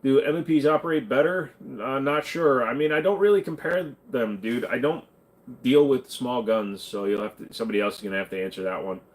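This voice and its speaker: Host: a man of middle pitch, blunt and offhand, joking through a casual livestream Q&A. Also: a little fast. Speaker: channel host.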